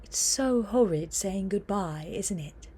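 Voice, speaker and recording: A woman voicing an eager, friendly schoolgirl in an audiobook, with a husky tone. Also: mid-range voice, lively intonation, slow, warm tone. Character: cheerful tearful young schoolgirl witch. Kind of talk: audiobook character voice.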